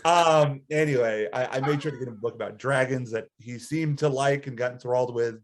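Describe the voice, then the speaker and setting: A man on a casual podcast, telling a story with plenty of energy. He swings up into high-pitched laughter as he goes, and his voice sits at a middle pitch. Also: brisk. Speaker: podcast co-host.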